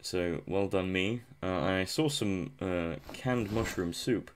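A man's voice: low-pitched, slow pace, clean tone. A young man giving casual, rambling commentary over a survival game, self-mocking and chuckling often. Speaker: gameplay commentator.

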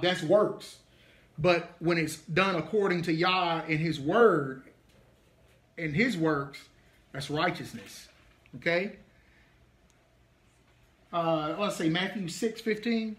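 A man's voice: a little high, fairly bright tone. A man teaching an interactive Bible study, leaning hard on key points and stretching words for emphasis. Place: congregation meeting room.

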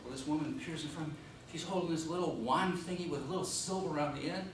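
A man giving a humorous contest speech, telling a comic story in an animated way. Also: fairly high pitch, fast talker. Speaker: contest speaker. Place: meeting room. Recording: echoey room, distant mic, noise.

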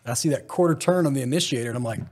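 A man, a former special forces soldier, telling a story as a podcast guest in casual, animated talk, acting out other people's lines and laughing often. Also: mid-range voice, rapid-fire, slightly rough.

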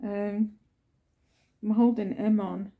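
Slow gravelly woman chatting. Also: mid-range voice, steady tone, phone-quality sound. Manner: chatty, coos in baby talk to the cat. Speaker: vlogger. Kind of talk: casual chat to camera while petting cats. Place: home, indoors.

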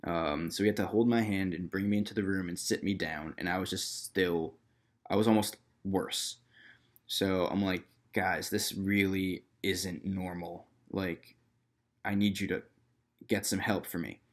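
Deep-voiced young guy telling a story. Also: fairly even intonation, a little slow. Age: young adult. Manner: loose and rambling, heavy on fillers and quoted dialogue. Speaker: vlogger. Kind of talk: casual storytelling to camera.

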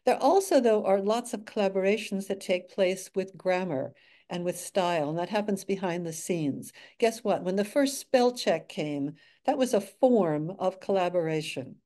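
An older woman giving an academic slide lecture, measured with dry asides and frequent fillers. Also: medium pitch, warm tone. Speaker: guest speaker.

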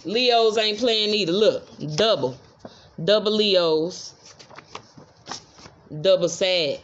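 Woman, tarot reader, casual and profane, repeats affirmations, medium pitch, muffled lo-fi sound. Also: slow, long pauses, slight background noise. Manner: chatty, repeats affirmations, swears freely.

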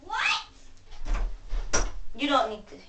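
A woman venting to camera in a profane rant, going from shouting to muttering. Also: sits high, animated, a little slow. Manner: profane, ranting, swings between shouting and muttering. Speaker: vlogger. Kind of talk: angry venting monologue. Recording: voice distant from the mic.

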